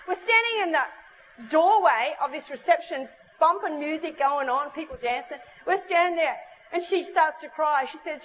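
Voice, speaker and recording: A woman preacher telling a story in an animated sermon at a church service. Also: high voice, moderate pace, highs cut off, slight background noise. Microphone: stage microphone.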